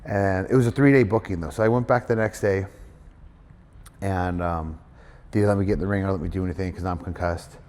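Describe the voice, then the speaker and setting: Brief: middle-aged male guest, low voice, quick talker, reverberant room. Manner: animated storyteller, acts out quoted voices, many fillers. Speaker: guest wrestler. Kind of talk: casual storytelling interview. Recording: hall reverb.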